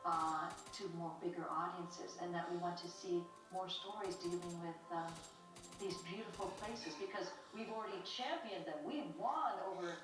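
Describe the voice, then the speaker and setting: An American woman giving a documentary interview, earnest and impassioned, often pausing to restart her phrases. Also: fairly low pitch, over music. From United States. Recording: echoey, distant, slightly noisy.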